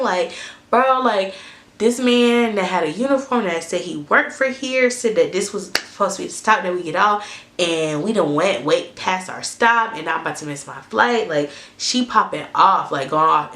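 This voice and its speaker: A young woman, telling a story to her camera in a lively, cussing, chatty way. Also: lowish voice, reverberant. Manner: animated, swears freely, asides to viewers. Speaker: storytime vlogger.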